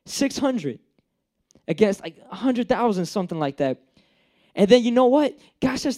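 A young man preaching in a loose, conversational way, with a fairly high voice. He jokes, uses slang and acts out the people in his story. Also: sing-song, normal speed, pauses often, darkish tone. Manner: chatty, joking, acts out characters. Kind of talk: casual sermon.

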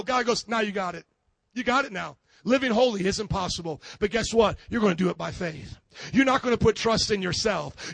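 A man's voice: high-pitched, a little fast, gravelly, a bit bright, no room sound. A man who is a pastor, preaching a sermon with emphatic rhetorical questions and acted-out scenes.

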